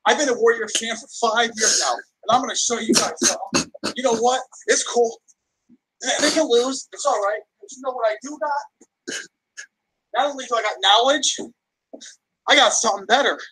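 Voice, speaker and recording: A man's voice: very high-pitched, moderate pace, pauses often, bright, forceful tone, slight background noise, low-quality recording. A man sports fan in a comedy sketch, talking defiantly and boasting.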